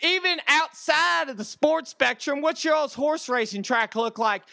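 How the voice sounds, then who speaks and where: A man's voice: very high voice, unhurried, vocal fry, bright, forceful tone, no echo, studio quality. A man delivering a brash, boastful comedic trash-talk rant as a guest on a sports radio bit.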